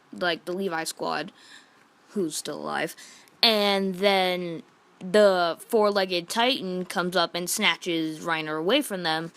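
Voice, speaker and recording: A manga reviewer with a fairly low, fairly bright voice gives an exasperated, indignant review rant. It's casual and rambling, a retelling of events heavy with "like."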